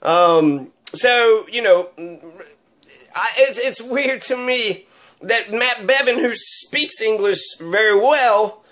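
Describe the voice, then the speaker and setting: A man's voice: sits high, slow, fairly bright tone. A man giving rambling, sarcastic solo commentary with plenty of fillers. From Kentucky.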